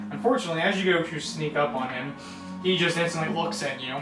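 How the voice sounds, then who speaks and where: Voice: mid-range voice, brisk. A game master narrating a tabletop session in a loose, chatty way, full of fillers. The voice sits in a mid register and sounds distant in a roomy space, with faint music underneath. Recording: echoey room from far off, faint music.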